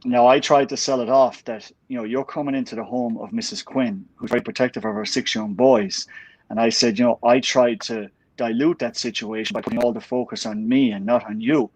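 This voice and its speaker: A man's voice: medium pitch, a little fast, no room sound, poor audio. Irish man, middle-aged, storytelling, dry close sound, casual chat. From Ireland. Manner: animated anecdote-telling with laughs.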